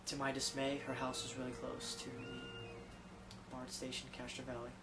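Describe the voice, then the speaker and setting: A man's voice: mid-range voice, completely flat delivery, normal speed, noisy background. A man telling a comic story about himself in a casual, profane, rambling, self-deprecating way.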